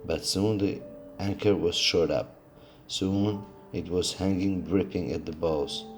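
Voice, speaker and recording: A man reading a classic adventure novel aloud, steady but with occasional slips and restarts. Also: sits low, slow, faint music behind. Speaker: audiobook reader.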